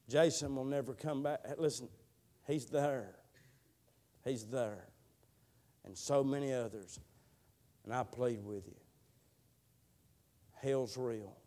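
A man preaching a sermon, telling a slow, drawling testimony that builds into fervent prayer. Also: medium pitch, mellow.

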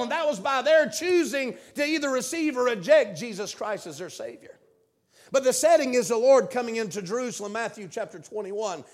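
High-pitched fervent man preaching. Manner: fervent, swings between hushed and shouting. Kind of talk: revival sermon. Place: church.

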